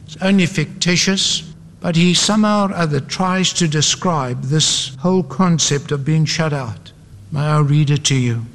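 A man's voice: a little high, moderate pace, a little hiss or hum. A man preaching an evangelistic sermon with an emphatic, repetitive cadence. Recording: long hall reverb.

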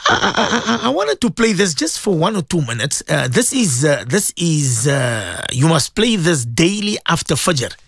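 Radio guy on the morning show, gravelly voice, swings up and down a lot, preachy and repeats himself. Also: a little high, very animated, unhurried, few pauses, fairly bright tone, no echo. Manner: emphatic, repetitive, preachy with rising exclamations. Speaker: radio host.

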